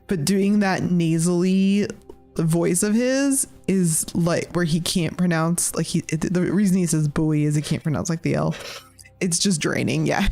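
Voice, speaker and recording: A woman's voice: fairly low pitch, warm tone. A woman chatting casually on a live stream as she paints, thinking aloud and rambling with lots of filler words. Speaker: artist and cast member drawing on a live stream.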